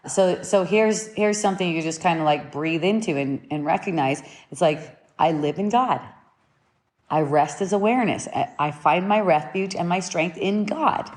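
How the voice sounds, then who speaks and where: A woman giving a spiritual teaching talk in an unhurried, reflective way, often repeating and rephrasing her points, at times pressing them home with short emphatic commands. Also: on the low side.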